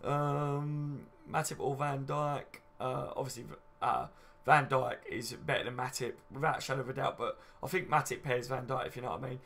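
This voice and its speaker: This man in his late twenties hosts a casual fan-channel livestream, reading viewer comments aloud in a chatty, matey way, swearing freely and often saying "you know what I mean." His mid-range voice moves fairly quickly, with a creaky texture and a slightly bright tone.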